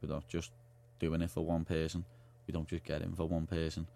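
A man's voice: very deep voice, monotone, brisk, creaky, dark tone. Young Liverpool man telling fight stories. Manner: chatty storytelling with slang and fillers. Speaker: guest fighter. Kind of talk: casual studio chat. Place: radio studio.

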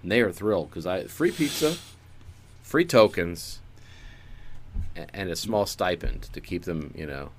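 A man's voice: sits low, lively intonation, a little slow, long pauses, a little hiss or hum. A man in casual comedic chat, riffing improvised bits and swearing freely. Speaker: podcast co-host.

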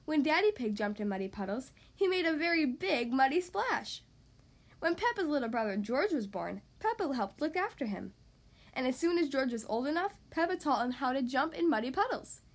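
A woman hosting a podcast, reading a children's story aloud in a cheerful, expressive way. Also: high voice, moderate pace.

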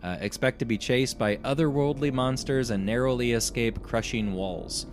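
A man's voice: medium pitch, moderate pace, noisy background. A man hosting a casual podcast chat, reading haunted house listings aloud and joking about them. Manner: reads aloud, then jokes and laughs. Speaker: podcast host.

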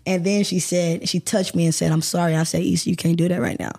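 Candid woman, warm low-key tone. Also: flat delivery, fast, vocal fry. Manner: emotional, candid storytelling with swearing. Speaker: guest actor. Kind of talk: candid podcast interview.

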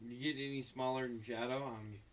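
A man's voice: mid-range voice, fairly even intonation, a little fast, far from the mic, a little hiss or hum. A man in casual chat, blunt and jokey and swearing freely. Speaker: podcast co-host.

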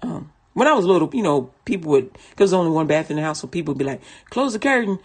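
A woman's voice: deep voice, lively intonation, racing, darkish tone, slightly rough. Woman, casual storyteller, rambling, laughs between lines, talks like she's chatting with a friend. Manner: rambling, laughs often, restarts sentences; vernacular, conversational speech.

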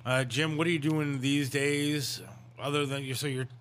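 A man's voice: medium pitch, fairly even intonation, normal speed, a bit bright. A man co-hosting a podcast, joking and easygoing in casual chat. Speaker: podcast co-host. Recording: faint background noise.

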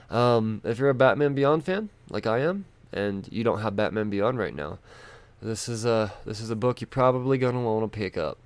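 A man's voice: mid-range voice, no echo. A man chatting casually about new releases, rambling and loosely profane, thinking aloud as he goes. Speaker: comic book vlogger. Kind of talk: casual chat.

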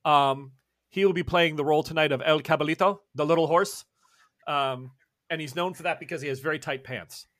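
A man's voice: a little high, brisk, fairly bright tone. A man narrating a tabletop game as game master, playful and often laughing.

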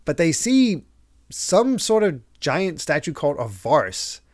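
A man's voice: on the high side, slow, dry recording, studio quality. A man hosting a podcast, casually recapping a manga and acting out the characters' lines as he goes. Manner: animated, acts out characters' lines while retelling. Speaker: podcast host.

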